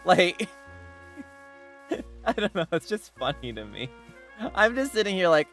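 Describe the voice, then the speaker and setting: A man's voice: high-pitched, wildly swooping pitch, normal speed, pauses often, fairly bright tone, soft background music. A man chatting casually while streaming a game, rambling with many restarts and bursts of laughter. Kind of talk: casual game livestream chat.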